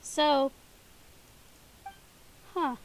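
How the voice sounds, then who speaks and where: A woman's voice: sits high, fairly even intonation, extremely slow. A woman with a Southern accent from around Tennessee, chatting casually on a gaming stream, giggling often and sometimes stuttering over her words. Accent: Southern US, Tennessee area. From southeastern United States. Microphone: desk microphone.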